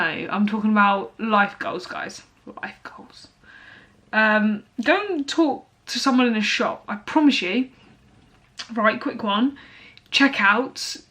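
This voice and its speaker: A woman's voice: mid-range voice, sharp tone. A young woman talking casually to camera as a fitness vlogger, blunt and motivational, with lots of fillers.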